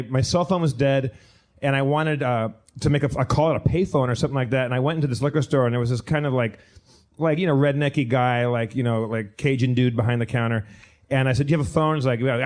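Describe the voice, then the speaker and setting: A man telling a long rambling anecdote on a live comedy podcast stage, with many restarts. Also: mid-range voice. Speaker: podcast regular telling a story. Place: live theater stage with audience.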